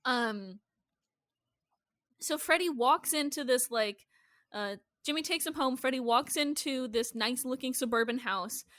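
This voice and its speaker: A woman's voice: high voice, a little slow, a bit bright, no echo, studio quality. A woman co-hosting a podcast over a video call, talking in a wry, sarcastic way and swearing freely. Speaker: podcast co-host. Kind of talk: casual chat. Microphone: remote video call.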